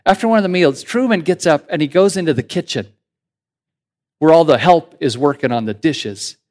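A man preaching a sermon as pastor in a conversational, animated way, building to emphatic points. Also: fairly high pitch, moderate pace.

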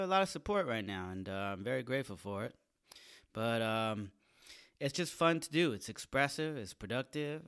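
A stand-up comedian hosting his own podcast from a small studio apartment, energetic, profane and mocking himself. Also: medium pitch, smooth. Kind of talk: solo podcast intro monologue.

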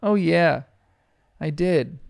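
A man's voice: a little high, drawn-out words, vocal fry, a little mellow, dry recording, studio quality, full character voice. A man voicing a bossy, insecure neighbour girl puppy from a cartoon. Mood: pushy.

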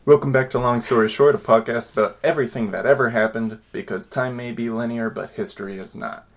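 A man hosting a podcast who talks in a quick, rambling way. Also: mid-range voice, fairly even intonation. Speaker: podcast host. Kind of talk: casual podcast chat.

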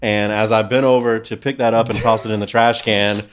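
A man's voice: on the low side, little pitch movement, fairly quick, smooth. A man co-hosting a podcast in casual chat, telling a wry, self-mocking story. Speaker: podcast co-host.

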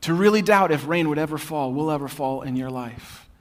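A male pastor preaching a sermon in a church in a conversational, humorous way that often drops to a hushed intensity. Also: on the high side, fairly quick.

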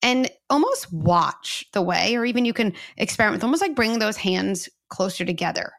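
A woman's voice: medium pitch, expressive, a little fast, fairly bright tone. A woman guest in a podcast interview, explaining step by step and guiding listeners through a simple exercise. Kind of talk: conversational interview.

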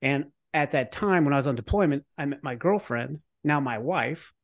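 A man's voice: mid-range voice, moderate pace. A man talking casually as a podcast guest, telling a personal story with fillers and the odd curse word. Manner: animated, acts out his own thoughts in quotes; casual, with fillers and occasional cursing. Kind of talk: conversational storytelling.

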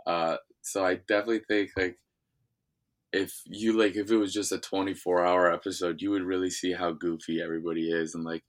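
Young man, deep voice, Midwestern accent, loose chatty guest, filler-heavy. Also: brisk. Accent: Midwestern American. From Ohio. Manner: relaxed rambling with many fillers. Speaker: guest, former reality show contestant. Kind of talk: casual interview.

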